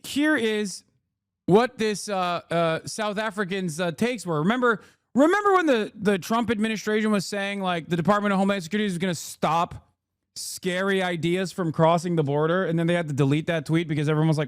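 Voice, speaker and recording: A man's voice: sits high, a little fast, smooth, dry recording, clean studio sound. Sarcastic, profane streamer man. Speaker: streamer and political commentator. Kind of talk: casual livestream commentary.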